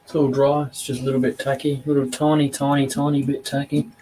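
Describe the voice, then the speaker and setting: A man's voice: mid-range voice, level tone, fast talker, dark tone, a little hiss or hum, rough recording. A man chatting casually and chuckling as a woodworking vlogger outdoors. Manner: laid-back, chuckling, blokey. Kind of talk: casual chat.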